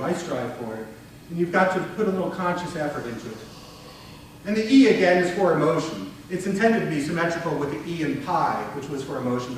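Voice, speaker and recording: Recorded from far off in a very echoey conference room, a man with a high-pitched voice presents a breakout workshop to an audience. He talks conversationally and with animation, using his voice to demonstrate tones, and there is slight background noise.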